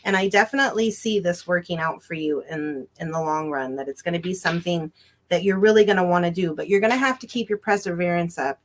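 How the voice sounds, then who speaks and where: A woman's voice: fairly low pitch, fast, a little hiss or hum. A woman giving a psychic reading on a live stream, reassuring and emphatic, stretching out her phrases. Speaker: psychic reader.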